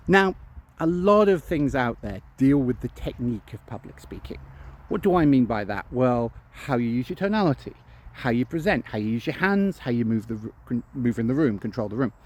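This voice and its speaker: Guy, phobia specialist, chatty talk to camera, mid-pitched voice, mimics nervous thoughts. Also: a little mellow. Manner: acts out anxious inner voices.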